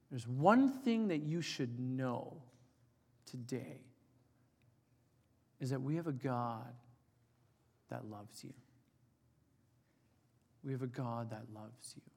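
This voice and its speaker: A man in his forties preaching a sermon, telling an emotional personal story and dropping to soft, quiet tones for emphasis. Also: mid-range voice, expressive, takes it slowly, pauses often. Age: 40s. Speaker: pastor. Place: church hall. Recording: reverberant church hall.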